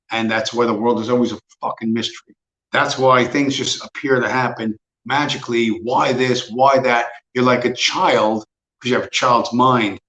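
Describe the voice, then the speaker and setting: A man's voice: mid-range voice, a bit bright. Profane ranting man in his fifties. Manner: blunt, profane and mocking. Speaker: livestream host. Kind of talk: casual ranting monologue. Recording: roomy, dull lo-fi sound.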